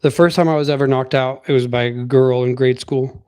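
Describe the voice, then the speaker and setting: Streaming live while he works out, a man trades easygoing banter with his viewers' chat between comments. He speaks a little fast in a steady, medium-pitched voice, darkish, clear and resonant.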